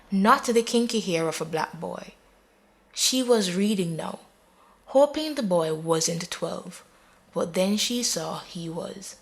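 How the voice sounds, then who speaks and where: A woman narrating an audio story in a measured, dramatic way. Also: fairly low pitch.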